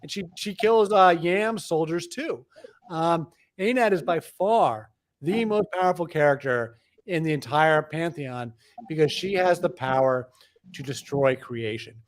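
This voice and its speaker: A middle-aged man, an author, explaining things in a lively, discursive way with frequent restarts. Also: a little high, unhurried. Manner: animated storyteller, frequent restarts. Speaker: author, interview guest. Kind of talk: conversational explaining.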